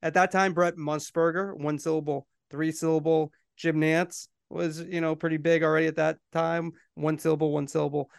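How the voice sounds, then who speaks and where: A man's voice: on the high side, little pitch movement, normal speed, vocal fry, few pauses, smooth, dry recording, clean studio sound. A middle-aged man co-hosting a podcast in casual chat, telling stories and laughing easily. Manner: chatty, storytelling, laughs easily. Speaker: podcast co-host.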